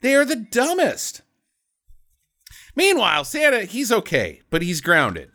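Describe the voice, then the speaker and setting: A man co-hosting a casual podcast chat about a movie, animated, swearing and laughing often. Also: high voice, measured pace. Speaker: podcast co-host.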